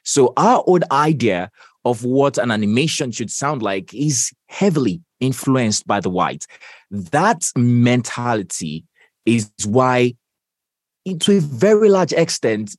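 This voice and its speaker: A young Nigerian man with a Nigerian accent, a voiceover artist answering interview questions in a measured, emphatic way. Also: medium pitch, animated, no echo, clean studio sound. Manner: measured, emphatic, stresses key phrases.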